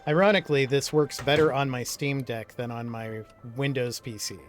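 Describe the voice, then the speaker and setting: A man's voice: mid-range voice, moderate pace, soft background music. A man casually chatting and rambling while he plays video games for his channel, with lots of fillers. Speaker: gaming streamer. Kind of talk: casual let's-play commentary.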